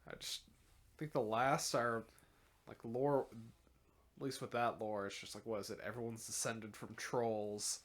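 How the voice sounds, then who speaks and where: A man's voice: mid-range voice, steady tone, measured pace. A man guesting on a casual podcast, asking curious questions and cracking jokes. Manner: curious, jokey, asks questions. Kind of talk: casual chat.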